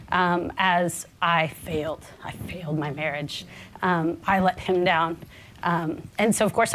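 A woman in her forties telling a personal story on a panel, earnest and halting, her voice shaking with nerves. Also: fairly low pitch, a little hiss or hum. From American South. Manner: halting, many restarts, earnest. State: nervous, voice shaking. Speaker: panel speaker.

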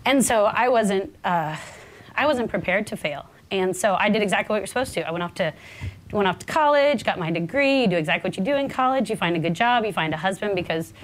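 A woman in her forties telling a personal story on a panel, earnest and halting, her voice shaking with nerves. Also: mid-range voice, animated, slight background noise. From American South. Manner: halting, many restarts, earnest. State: nervous, voice shaking. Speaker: panel speaker.

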